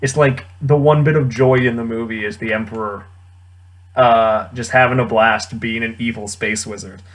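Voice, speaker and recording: A man's voice: medium pitch, fairly even intonation, moderate pace. A young man casually rambling through a wry movie commentary, often chuckling as he goes. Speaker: film reviewer.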